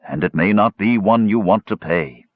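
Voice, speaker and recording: A man's voice: fairly low pitch, moderate pace, no room sound, narrow, tinny audio, close to an everyday voice. A man voicing a wise old dragon in an audiobook, speaking in a grave, warning way. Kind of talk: audiobook character voice.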